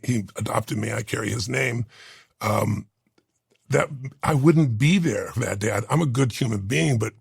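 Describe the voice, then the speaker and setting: Earnest gravelly man telling a story. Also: medium pitch, no room sound, studio quality. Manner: earnest, halting, with restarts and quoted voices. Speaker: storyteller sharing a personal story. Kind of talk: emotional personal storytelling.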